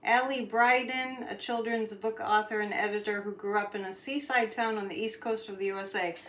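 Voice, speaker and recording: A woman's voice: mid-range voice, fairly even intonation, normal speed, noisy background. A woman from Gloucester, Massachusetts, chatty and giggly, reading a picture book aloud for her video audience with casual asides about the illustrations. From Gloucester, Massachusetts, USA. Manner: chatty, giggly, lingers on words while showing pictures.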